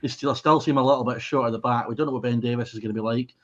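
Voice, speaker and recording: A man's voice: mid-range voice, fairly even intonation, very fast, dull audio. A Scottish man co-hosting a casual football podcast over a video call, chatty and offhand. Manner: talks while eating, chatty. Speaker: podcast co-host.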